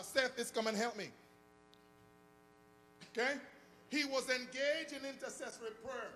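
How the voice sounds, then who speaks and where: Male preacher, high voice, emphatic sing-song delivery with hushed drops; recorded in a reverberant church with faint background music. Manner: emphatic, swings between sung shouting and hushed talk. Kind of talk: sermon. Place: church hall.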